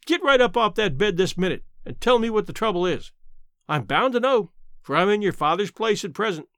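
A man reading the part of a blunt, plainspoken elderly aunt who talks in a sharp, matter-of-fact and grumbling way. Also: high voice, animated, a little fast, smooth, dry recording, clean studio sound. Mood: scolding, practical.

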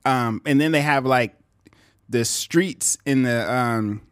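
A man's voice: mid-range voice, slow pace, clean tone, dry recording, clean studio sound. A man from California co-hosting a podcast, chatting in a laid-back, reflective way. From Bakersfield, California. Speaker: podcast co-host. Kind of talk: casual chat.

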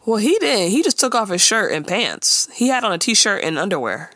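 A woman's voice: medium pitch, sing-song, normal speed, bright, forceful tone, no echo, studio quality. A woman co-hosting a casual chat, retelling a TV episode with laughs and voiced-out lines. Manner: laughing, acting out characters' lines. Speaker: podcast co-host recapping a TV episode.

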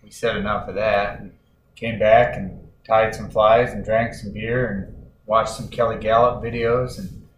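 A man co-hosting a casual chat, talking in a relaxed, rambling way with fillers. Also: lowish voice, unhurried. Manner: laid-back, rambling with fillers. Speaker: podcast co-host. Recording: roomy echo, faint noise.

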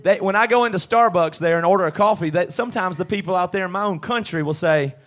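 A man with a Southern US accent, co-hosting a live podcast in a pub and riffing in an animated, ranting way. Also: high voice, fast. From southeastern United States. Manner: animated, ranting comic riff. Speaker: podcast co-host. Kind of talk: live podcast banter in front of a crowd. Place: pub stage. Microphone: handheld mic.

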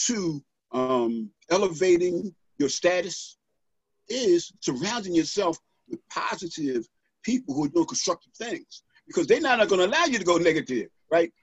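High-voiced, husky man preaching motivation. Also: no echo. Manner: animated, preacherly, peppers talk with "right?". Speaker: podcast guest, author. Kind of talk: motivational podcast conversation. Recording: dull, dry lo-fi audio.

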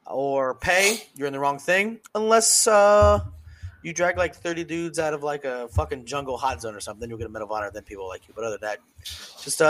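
A man with a slightly higher than usual voice co-hosts a relaxed podcast. He tells his stories with plenty of cursing and quick impressions of the people in them. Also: a little hiss or hum. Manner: profane, animated storytelling, acting out quoted people. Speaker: podcast co-host, service member. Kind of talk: casual podcast chat.

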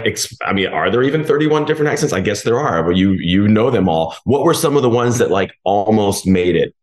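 A man's voice: low-pitched, roomy sound. A male podcast host asking an actress interview questions in a loose, conversational way.

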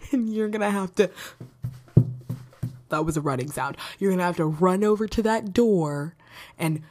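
A young woman in her late teens hosts a chatty, rambling podcast. Her voice sits a bit low for a woman, and she keeps breaking into laughter and playful mock drama. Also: unhurried, long pauses, a little mellow, slight background noise. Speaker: podcast host. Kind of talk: casual chat.

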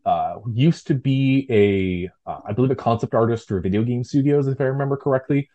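A man's voice: mid-range voice, fairly quick, dark tone, lo-fi sound. A man talking casually as an interview guest, rambling with fillers and restarts. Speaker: guest, tabletop game designer.

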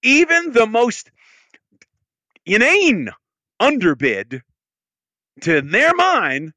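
A man's voice: very high-pitched, big pitch swings, very slow, sharp tone, dry recording. A man talking about car auctions as a podcast guest, enthusiastic and often repeating words as he starts his sentences. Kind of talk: casual podcast conversation.

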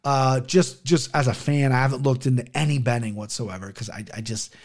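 A man's voice: medium pitch, steady tone, fairly quick. A man hosting his own podcast in casual solo chat, rambling, swearing freely and stumbling over names. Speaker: podcast host.

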